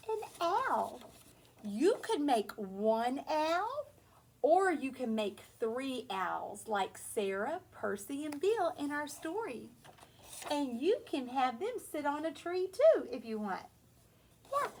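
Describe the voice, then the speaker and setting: A woman teacher reading a picture book to young children in a gentle, sing-song way. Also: high voice, slight background noise, rough recording. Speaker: preschool teacher.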